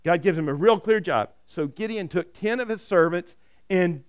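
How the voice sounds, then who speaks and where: Male pastor, high clear voice, animated storytelling sermon. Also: moderate pace. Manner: animated storytelling, repeats words when starting.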